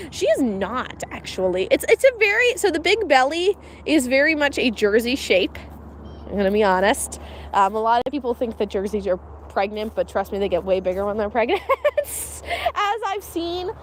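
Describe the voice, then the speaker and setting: A woman's voice: a little high, sing-song, moderate pace, a little hiss or hum. A woman hosting a casual livestream outdoors at a farm, chatty and giggly, talking to her animals. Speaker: homestead mom and livestream host. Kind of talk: casual live-stream chat.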